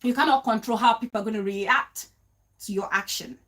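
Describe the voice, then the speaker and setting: A woman's voice: a little high, a little fast. Chatty woman hosting a livestream. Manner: animated, repeats phrases, greets chat viewers mid-sentence, laughs easily. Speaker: livestream host. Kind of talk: casual live-stream talk to viewers.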